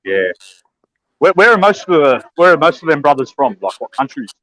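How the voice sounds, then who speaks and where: A man's voice: a little high, very animated, sharp tone, no room sound, rough recording. An Australian man with an Australian accent, chatting casually as a guest on a livestream and peppering his talk with lad and bro. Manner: rapid, laid-back, full of lad and bro. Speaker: guest caller. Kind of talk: casual chat.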